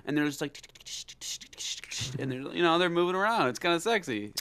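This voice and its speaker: A man co-hosting a casual podcast chat, asking quick joking questions and filling with "like". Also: fairly high pitch, lively intonation, very noisy. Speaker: podcast co-host.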